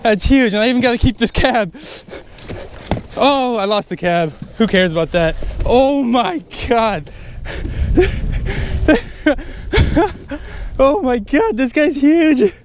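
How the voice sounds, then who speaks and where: Excitable man fishing on a boat. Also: extremely high pitch, a little slow, a little hiss or hum. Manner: excitable, exclaiming, breathless. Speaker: fishing vlogger. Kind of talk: excited fishing vlog narration. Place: on a small boat at sea, outdoors.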